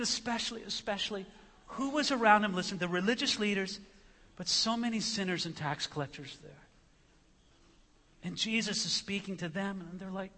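A man's voice: high voice, fairly quick, sharp tone. A man preaching a sermon, retelling a story with dramatic flair and acting out the characters' voices. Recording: long reverb of a large hall.

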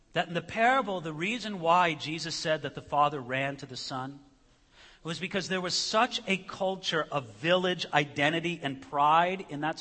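High, bright-voiced preacher in a hall. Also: male voice. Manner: dramatic storytelling, acting out voices. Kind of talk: sermon. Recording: long reverb of a large hall.

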